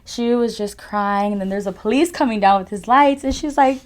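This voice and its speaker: A woman's voice: a little high, brisk, a little mellow. A young woman giving a personal testimony as a podcast guest, talking casually with frequent "like" and "you know" fillers. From California.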